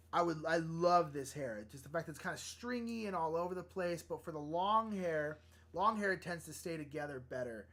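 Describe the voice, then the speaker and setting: Man, young adult, live-stream artist, casual chatty, laughs a lot, slightly high pitch, very animated intonation. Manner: chatty, laughing, thinking aloud. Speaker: livestream artist. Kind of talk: casual live-stream chat while drawing.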